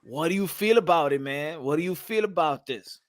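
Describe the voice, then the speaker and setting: High-voiced, giggly male co-host. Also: expressive, moderate pace. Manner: giggly, teasing. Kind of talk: casual chat.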